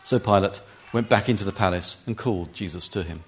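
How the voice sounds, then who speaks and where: A man reading a scripture passage aloud as scripted narration, in clear, even storytelling. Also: sits low, fairly quick. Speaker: reader.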